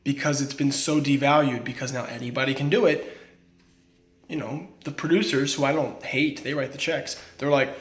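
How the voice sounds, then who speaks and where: A man's voice: mid-range voice, steady tone, moderate pace, echoey room. A young man, an actor, talking casually to camera and giving a friend earnest, frank advice.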